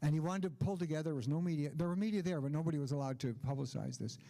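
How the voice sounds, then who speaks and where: A man's voice: fairly high pitch, racing, gravelly, warm tone. An older man giving a conference keynote speech, telling stories with asides. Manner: anecdotal storytelling with asides. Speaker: keynote speaker.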